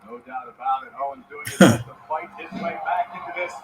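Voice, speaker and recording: A man doing energetic, wry play-by-play commentary on a TV wrestling broadcast. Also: mid-range voice, fairly quick, low-quality recording. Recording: TV broadcast with arena crowd behind. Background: cheering arena crowd.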